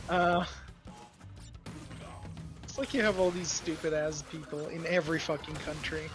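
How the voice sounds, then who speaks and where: High-voiced american dude in his late 20s streaming, swears a lot, jokes around, game music going behind. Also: steady tone, moderate pace. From United States. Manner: loud, sweary, joking. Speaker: streamer host. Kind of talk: casual live-stream chat.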